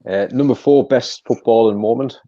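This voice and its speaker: A man's voice: mid-range voice, moderate pace, warm tone. A man with a North East English accent hosting a channel, interviewing a guest and chatting upbeat to viewers. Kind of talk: casual interview chat. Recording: dull lo-fi audio.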